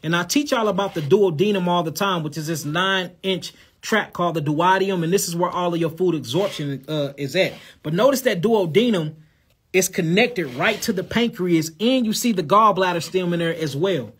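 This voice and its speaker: A man's voice: high-pitched, moderate pace, fairly bright tone, slightly rough. A man from St. Louis with a St. Louis accent and a lisp, casually answering viewer questions on a live show. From St. Louis, USA. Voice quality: lisp on s sounds. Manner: casual, addresses viewers as y'all and God. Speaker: herbal health host.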